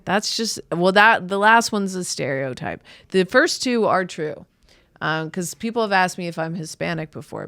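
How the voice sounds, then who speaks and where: A woman's voice: on the low side, lively intonation, normal speed, fairly bright tone, no echo. A woman in her thirties hosting a podcast, telling a rambling, self-deprecating comedic story full of "like" and restarts. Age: 30s. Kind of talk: casual comedic monologue.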